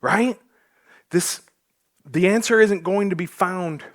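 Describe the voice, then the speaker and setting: A man's voice: sits high, takes it slowly. A male pastor preaching a sermon to his church, joking with the congregation as he goes. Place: church sanctuary.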